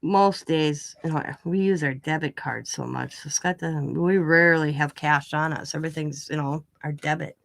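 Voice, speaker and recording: A woman hosting a craft channel, casually telling a rambling family story full of asides and lively retold dialogue. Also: sits low, moderate pace, creaky, few pauses, slight background noise. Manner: rambling, chatty, full of "you know" asides; animated when retelling quoted dialogue.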